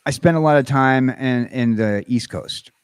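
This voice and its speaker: An American man chats casually on a livestream, wandering through his thoughts with frequent "uh"s and restarts. His voice sits at an ordinary middle pitch. It sounds close and dry, with no room echo. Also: clear, resonant tone. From United States. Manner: rambling, halting, full of fillers and restarts. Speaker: livestream host. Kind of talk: casual stream chat.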